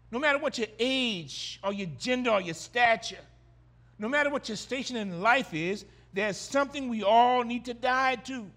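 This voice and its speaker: A man preaching a sermon, swinging between loud drawn-out exclamations and hushed low phrases, with emphatic repetitions. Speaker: pastor.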